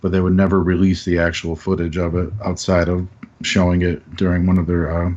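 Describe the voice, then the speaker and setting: A man's voice: low-pitched, completely flat delivery, brisk, a little mellow, highs cut off. A man hosting a podcast, chatting casually and filling in details. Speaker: podcast host. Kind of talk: casual conversation.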